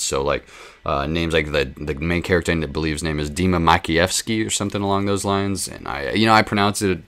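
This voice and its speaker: A man's voice: deep voice, a bit bright, clear, resonant tone. A man running a gaming channel, chatting casually to his viewers in a rambling, self-deprecating way with frequent ums.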